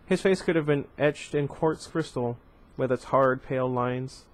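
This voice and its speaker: Casting: relaxed man reading a novel aloud, stumbles and corrects himself, chatty asides. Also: medium pitch, measured pace. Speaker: book reader.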